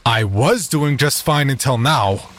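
A man voicing a prickly male scientist who talks in a high, squeaky, angry voice. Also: animated, normal speed, background noise, close to an everyday voice. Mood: defensive. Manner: angry, shrill, contemptuous. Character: prickly fussy male scientist, middle-aged. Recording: voice over loud music.

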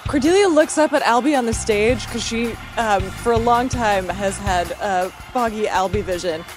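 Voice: mid-range voice, normal speed. A player in a tabletop game, narrating their character in a reflective, descriptive way. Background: music.

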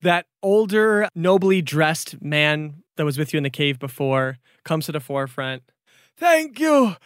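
A man narrating a tabletop game as game master, in a lively, theatrical way. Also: fairly high pitch, moderate pace, smooth, dry recording, studio quality.

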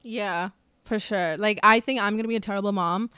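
A woman's voice: mid-range voice, fairly quick, bright, forceful tone, smooth, no room sound. A woman in her twenties chatting candidly on a podcast, full of likes and asides. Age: 20s. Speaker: podcast co-host. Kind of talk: casual chat.

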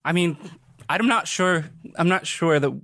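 A man sitting in on a comedy podcast, dry and deadpan, picking apart the host. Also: fairly high pitch, measured pace, no room sound. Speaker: co-host brother.

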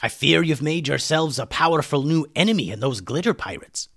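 A man's voice: fairly high pitch, animated, fairly quick, creaky, a bit bright, pitched above the performer's own voice, exaggerated voice. A man voicing a formal, earnest male chicken wizard in a bedtime-style story.

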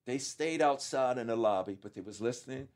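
A man, telling his story to an interviewer in an animated, profane way and acting out the quotes. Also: mid-range voice, brisk. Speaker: guest.

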